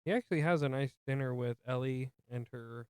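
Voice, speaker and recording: A man's voice: medium pitch, fairly quick, clear, resonant tone, no room sound, clean studio sound. A man co-hosting a movie podcast, casually retelling the plot with jokey asides. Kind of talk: casual film recap chat.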